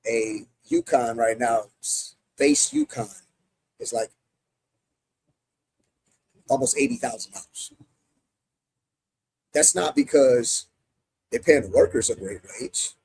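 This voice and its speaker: A man's voice: mid-range voice, very animated, slow, long pauses, darkish tone, breathy edge, rough recording. A middle-aged American man, a union president, answering interview questions emphatically, often restarting his sentences. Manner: emphatic, many repeated restarts.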